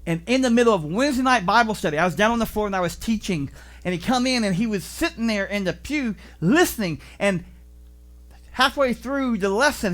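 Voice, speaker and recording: A man preaching a sermon as pastor in a church, telling stories with animated delivery and acting out voices. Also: sits high. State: vertigo, deaf in left ear.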